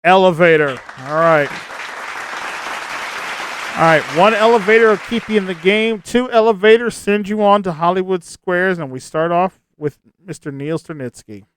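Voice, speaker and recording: High-voiced upbeat game show host man. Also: normal speed, a bit bright, some chatter behind, slight background noise. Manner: upbeat, laughs often, reads prompts twice. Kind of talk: hosting an online game show.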